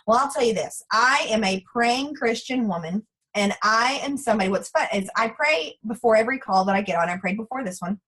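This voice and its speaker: Speaking briskly with a breathy edge and a fairly high voice, a drawling thirtysomething woman addresses a sales team as guest speaker. Her motivational talk is candid and lively, complete with impressions of the people she quotes. The recording is low quality.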